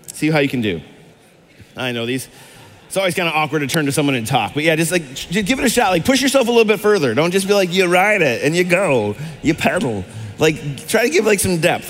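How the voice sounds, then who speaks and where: Chatty pastor man in an echoey church hall. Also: on the high side. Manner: chatty, rambling, lots of fillers and restarts, asks the audience questions. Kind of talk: casual interactive sermon. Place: church hall before a congregation.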